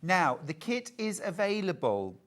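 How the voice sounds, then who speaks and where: A man's voice: high voice, very animated, a little slow, a bit bright. A man presenting a live sewing shopping show in a chatty, playful sales patter.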